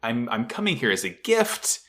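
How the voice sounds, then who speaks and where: A man's voice: medium pitch, very animated, normal speed, fairly bright tone. A man voicing a cheeky teenage boy pilot who is nervously friendly and pleads in an overeager way. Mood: nervous cheer.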